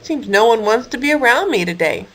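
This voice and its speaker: Woman voicing a big slow male hippo, lonely and gloomy, plaintive drawn-out lines, storybook voice, a bit high. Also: expressive, a bit bright. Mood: sad.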